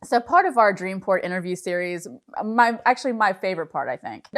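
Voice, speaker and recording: A woman's voice: mid-range voice, expressive, fairly quick, hardly any pauses, fairly bright tone. Chatty upbeat woman interview host. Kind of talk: conversational interview.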